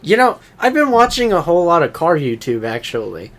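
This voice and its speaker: A man's voice: on the high side, big pitch swings, a little fast, a bit bright. A young man co-hosting a podcast, bantering crudely, swearing freely and laughing often between filler words. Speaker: podcast co-host.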